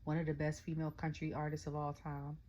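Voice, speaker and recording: A young adult woman, ranting casually about a wrestling event, telling it in animated quotes and often asking "okay?". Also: sits low, fast, slight background noise. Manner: animated storytelling, quotes her own reactions, frequent "okay?". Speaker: wrestling review vlogger. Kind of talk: casual rant.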